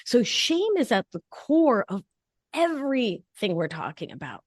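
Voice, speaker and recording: Woman guest, expressive and animated delivery, close dry mic. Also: fairly high pitch, unhurried, no echo. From not from Long Island. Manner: animated, playful, emphatic explaining. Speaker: guest, nurse practitioner and life coach. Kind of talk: conversational podcast interview.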